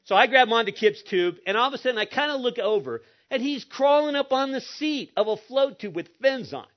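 Brief: middle-aged male pastor, high voice, funny storyteller, muffled lo-fi recording. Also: lively intonation, a little fast. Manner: humorous storytelling. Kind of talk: sermon.

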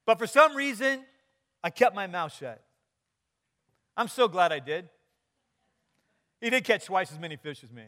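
Bright high-voiced male pastor. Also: expressive, unhurried, long pauses. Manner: storytelling with quoted dialogue and humor. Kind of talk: sermon.

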